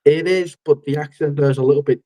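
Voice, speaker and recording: A man from Cheshire with a deep Scouse accent, a guest in a casual football chat who speaks bluntly and firmly. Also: fairly even intonation, quick pace, dark tone. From Cheshire, England.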